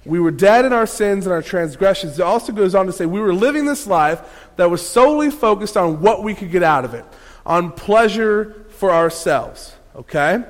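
Man, preacher, sermon, animated storytelling, playful asides, slightly high voice, long hall reverb. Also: moderate pace.

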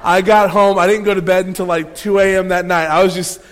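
A man preaching a sermon, telling a lively personal story with playful asides to the congregation. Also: sits high, a little fast. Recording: long hall reverb.

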